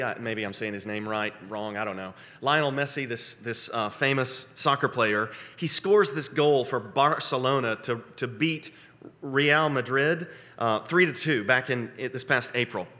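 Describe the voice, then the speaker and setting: A man preaching a sermon, animated, breaking into sudden high excited bursts when he acts out quotes. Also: big-room sound. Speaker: pastor.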